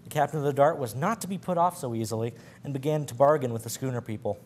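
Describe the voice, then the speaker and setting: A man's voice: mid-range voice, quick pace, darkish tone, a little hiss or hum. A man presenting a library program, reading sailor yarns aloud with slips and chuckles. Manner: stumbling, laughing at his slips.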